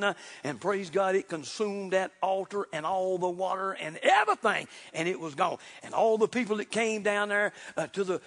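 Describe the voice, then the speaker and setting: A man preaching a sermon, telling the Bible story in a folksy way and swinging between quiet asides and loud bursts. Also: sits high, breathy edge.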